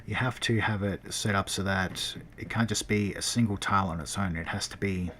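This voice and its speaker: A man's voice: deep voice, moderate pace, a bit bright, slight background noise. A man streaming game development, chatting casually as he works and often correcting himself mid-sentence. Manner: rambling, self-correcting, talking while working. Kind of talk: casual tutorial livestream.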